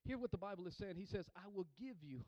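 A man's voice: sits high, animated, quick pace, a little mellow, dry recording. A man preaching a sermon as pastor, calling for responses from the congregation and often repeating words and restarting lines as he goes.

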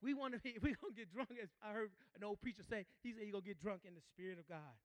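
High bright preacher guy, aave, gets loud and repeats himself, dry sound. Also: fast, no room sound. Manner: rising to shouts, repeats phrases, calls out to the congregation. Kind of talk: sermon.

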